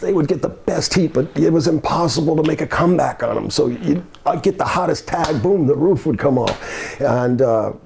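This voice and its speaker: A man's voice: a little high, expressive, moderate pace, gravelly, a little mellow, a little hiss or hum. An older man, a former wrestler, telling rambling anecdotes with laughter in a shoot interview. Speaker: guest, former pro wrestler.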